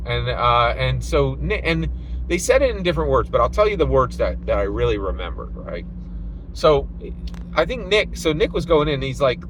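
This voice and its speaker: A man's voice: medium pitch, very animated, moderate pace, background noise. A man talking casually to the camera about politics in a loose, rambling way, often tagging his lines with "right?". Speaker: political vlogger. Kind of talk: casual monologue commentary.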